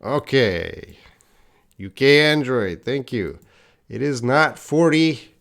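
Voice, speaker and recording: A man's voice: medium pitch, lively intonation, takes it slowly, creaky, a bit bright. A man teaching an English lesson on a live stream, drilling words for students to repeat and chatting with viewers in the chat. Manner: chats with viewers, reading the live chat aloud.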